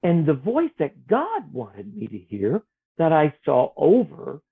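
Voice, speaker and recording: A man speaks gently and earnestly about faith, his fairly high voice rising and falling in lively swings. He sometimes acts out the voices in his head. The sound is thin and tinny, like a phone line. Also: slow, gravelly, slightly rough. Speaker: author guest. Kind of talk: reflective spiritual conversation.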